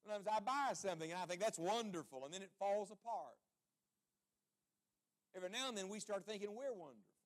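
A man with a fairly high voice preaches a fervent sermon. He swings between booming declarations and near-hushed asides, pressing rhetorical questions and calling for the congregation to say it back. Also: expressive, brisk, pauses often. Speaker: traveling evangelist preacher.

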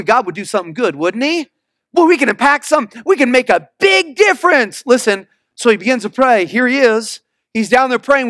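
Male preacher, sermon, emphatic, calls out to the congregation, very high voice, dry close sound. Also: fairly bright tone, no echo. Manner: emphatic, calls for congregation responses, reads scripture slowly. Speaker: pastor, missionary preacher.

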